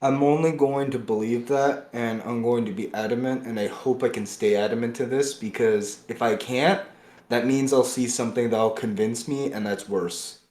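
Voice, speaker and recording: A man co-hosting a podcast, delivering a heated political rant that swings between loud outbursts and low muttering. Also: fairly even intonation, normal speed, reverberant. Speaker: podcast co-host.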